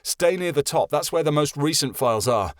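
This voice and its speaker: A man's voice: a little high, expressive, a little fast, no echo, clean studio sound, natural voice. A man voicing an earnest, focused teenage boy in a fantasy audiobook.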